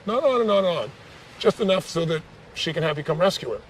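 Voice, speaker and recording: A man leading a live coaching session, intense and direct, pressing with quick questions. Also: fairly high pitch, big pitch swings, a little hiss or hum. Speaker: life coach on stage.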